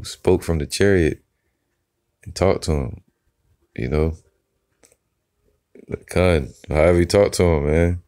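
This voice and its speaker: Very deep-voiced man teaching scripture. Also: dark tone. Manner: reads scripture slowly, then comments loosely with "all right" and "man". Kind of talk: informal Bible teaching.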